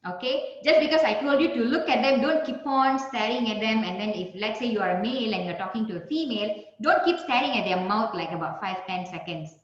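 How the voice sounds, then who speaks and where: Woman trainer in a very echoey room. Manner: lively, stresses words, rises and drops pitch, laughs often. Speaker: communication trainer. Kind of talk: live webinar talk. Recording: very echoey, dull lo-fi sound.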